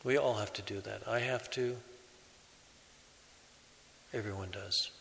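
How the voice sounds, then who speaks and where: A priest delivers a sermon in a slow, measured way, pausing between phrases. His voice is slightly low yet bright and forceful. A long church reverb trails behind every word. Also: fairly even intonation, vocal fry, a little hiss or hum. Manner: slow, measured preaching with pauses.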